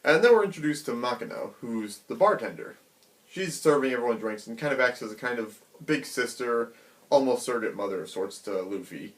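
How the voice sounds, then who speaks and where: A man casually retelling a comic chapter in an animated, chatty way, acting out the characters' quotes. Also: medium pitch, fairly quick. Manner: animated, chatty, many fillers. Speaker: manga reviewer.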